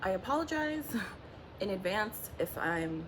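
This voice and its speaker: Slow, intense woman psychic medium. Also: medium pitch, noisy background. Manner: intense, halting, restarts often, angry bursts. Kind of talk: emotional spoken monologue. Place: home.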